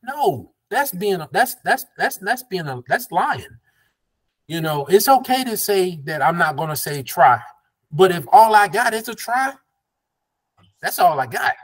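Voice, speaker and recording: A man's voice: high voice, very animated, unhurried, a bit bright. A man from the American South leading an interactive Bible study as pastor, conversational and affirming, drawing call-and-response.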